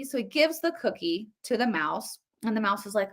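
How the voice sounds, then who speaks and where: A woman's voice: mid-range voice, animated, normal speed, fairly bright tone. A woman in her thirties hosting casual solo political commentary, emphatic and conversational with frequent restarts and fillers.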